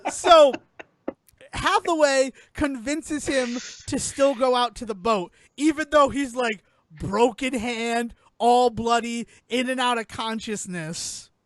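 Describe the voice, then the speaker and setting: High-voiced man recapping a film. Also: slow, no room sound. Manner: animated storyteller, acts out characters in lowered voices. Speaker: podcast host recapping a film. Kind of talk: casual comedic film recap.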